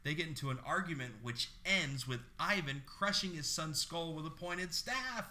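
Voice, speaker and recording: A man co-hosting a casual comedy podcast with a very bright, forward voice. He walks through grim stories in a joking tone and keeps breaking into laughter. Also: a little high, expressive, normal speed. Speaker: podcast co-host.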